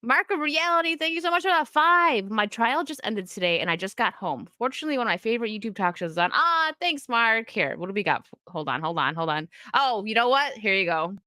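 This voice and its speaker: Bright, chatty woman streamer. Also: mid-range voice, sing-song, fast talker, hardly any pauses, no room sound, clean studio sound. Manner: chatty and upbeat, laughs often, frequent restarts. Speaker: livestream host reading chat. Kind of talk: casual chat.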